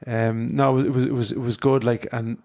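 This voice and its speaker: A man's voice: medium pitch, little pitch movement, normal speed, a little mellow. An Irish man co-hosting a podcast, telling stories in a rambling casual way. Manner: rambling, full of fillers and restarts. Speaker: podcast co-host. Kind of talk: casual chat.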